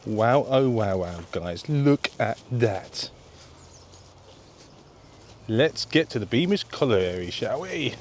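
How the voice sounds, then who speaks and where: Excitable chatty man with a lively voice. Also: mid-range voice, a little slow, few pauses, a little hiss or hum. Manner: chatty and excitable, keeps addressing viewers. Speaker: travel vlogger. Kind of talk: casual walking tour vlog. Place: visiting an open-air museum, indoors and outdoors.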